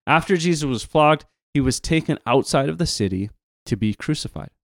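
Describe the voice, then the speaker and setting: A man's voice: a little high, expressive, brisk, dry recording, studio quality. Conversational man retelling a Bible story. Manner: conversational, restarts, emphatic asides. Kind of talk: casual Bible storytelling for kids.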